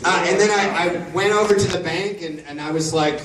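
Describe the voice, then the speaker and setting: A man with a fairly high voice tells funny stories to a crowd at a convention panel. He sounds set back from the mic in a big echoing hall, and a noisy audience murmurs all around. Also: fast, few pauses. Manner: joking, animated storyteller. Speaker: voice actor convention panel guest. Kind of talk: casual panel Q&A storytelling. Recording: echoey hall from far off. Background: audience crowd noise.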